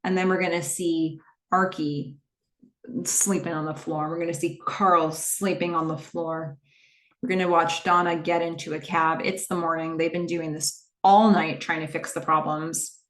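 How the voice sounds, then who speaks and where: A woman podcast host chatting through a casual, animated recap of a TV episode, with plenty of fillers. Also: low voice, normal speed, echoey room.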